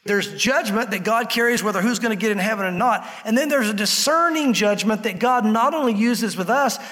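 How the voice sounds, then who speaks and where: A man with a notably high voice delivers a sermon in a church sanctuary, talking to the congregation conversationally and acting out quotes along the way. His voice carries a long reverb tail from the large hall. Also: fairly bright tone. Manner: conversational preaching with acted-out quotes. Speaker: pastor.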